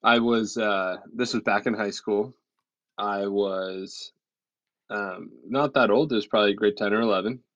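A man's voice: on the low side, steady tone, unhurried, fairly bright tone, highs cut off. A man co-hosting a casual podcast, laid-back and hesitant with many fillers. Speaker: podcast co-host, pastor. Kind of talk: casual chat. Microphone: remote call.

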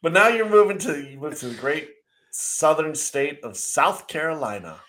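A middle-aged man co-hosting a casual chat, telling an animated, sarcastic story with mocking asides. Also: fairly high pitch, normal speed. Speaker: podcast co-host.

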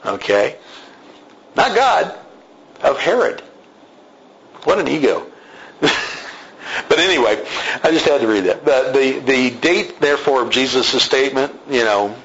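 A man's voice: medium pitch, a bit bright, dull audio. A man teaching through a Bible passage verse by verse, in a conversational way, with asides and self-corrections.

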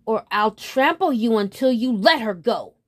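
A proud, bossy storybook unicorn, voiced by a woman reader who speaks in a commanding, theatrical tone. Her lines come slowly and deliberately, with a touch of lift above the narration. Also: a little high, lively intonation. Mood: firm, pleading.

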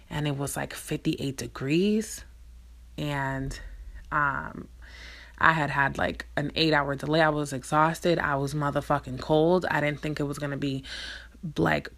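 Bright-voiced young adult podcast host, rambling. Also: medium pitch. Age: 20s. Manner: rambling, swearing, many fillers and restarts. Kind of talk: casual storytelling monologue. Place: indoors, alone. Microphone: phone mic.

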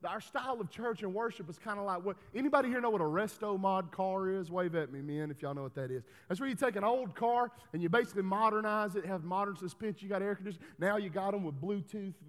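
High-voiced pastor preaching. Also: male voice, animated, fast talker, few pauses. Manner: folksy, preachy, builds to loud emphatic calls. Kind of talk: sermon. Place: church hall. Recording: reverberant church hall.

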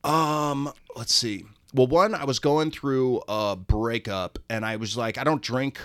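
A man's voice: mid-range voice, measured pace, clear, resonant tone, dry recording, studio quality. A man telling a long casual story as a guest, acting out the voices of people in it. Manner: animated, acts out voices of people in his stories.

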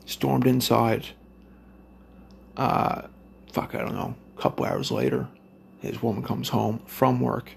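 A man's voice: medium pitch, big pitch swings, takes it slowly, creaky, pauses often, a little hiss or hum. A man telling a rambling, profane story to his listeners in a loose, blunt way.

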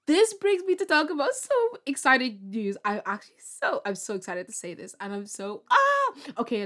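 Bubbly young woman podcaster. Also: on the high side. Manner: bubbly, excitable, rambling with many fillers and laughs. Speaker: podcast host. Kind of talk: casual solo podcast chat.

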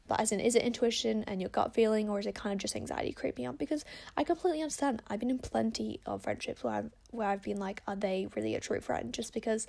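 A woman's voice: a little high, gravelly, a little mellow. A woman hosting a casual advice podcast, chatting in a rambling way with lots of fillers. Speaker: podcast host.

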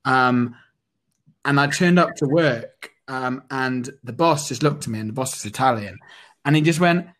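Young guy on a podcast telling a story, lots of ums and restarts, middle-pitched voice. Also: moderate pace. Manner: animated anecdote telling with many fillers and restarts. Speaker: podcast co-host. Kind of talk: casual storytelling chat.

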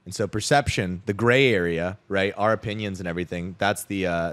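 Low-voiced young man telling a rambling story. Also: fairly quick, fairly bright tone, dry recording. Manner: loose, rambling, filler-heavy storytelling with frequent "like" and swearing. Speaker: podcast guest. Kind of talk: casual storytelling in a podcast interview.

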